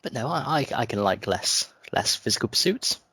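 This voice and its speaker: Husky man, jokey podcast host. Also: medium pitch, big pitch swings, moderate pace, bright, forceful tone, no echo. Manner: jokey, self-mocking, laughs often. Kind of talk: casual chat.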